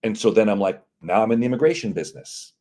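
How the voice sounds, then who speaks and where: Low, mellow-voiced man telling a story. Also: fast. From United States. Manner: animated, acts out dialogue with quoted voices. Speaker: CEO of immigration and employment firm, guest. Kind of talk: casual interview storytelling.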